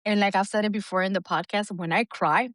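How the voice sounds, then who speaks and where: A middle-aged woman talks frankly on her podcast, dropping curse words and laughing often. Her voice is recorded close and dry, with no room sound around it, and sits at an average pitch for a woman. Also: steady tone, fairly quick, a bit bright, dry recording. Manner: blunt and profane, with frequent laughter. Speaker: podcast co-host. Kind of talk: casual podcast chat.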